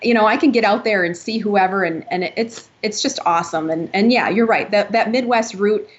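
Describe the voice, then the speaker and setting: Woman guest on a podcast, upbeat, agrees a lot, audio a bit dull and muffled. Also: medium pitch. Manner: enthusiastic, quick to agree. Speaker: dental consultant guest. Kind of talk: casual interview chat.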